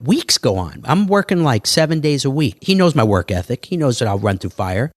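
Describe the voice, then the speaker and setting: A man, a guest on a podcast, telling his life story in a lively way and acting out other people's lines. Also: medium pitch, no echo, studio quality. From New York. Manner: animated, quick storytelling with acted quotes.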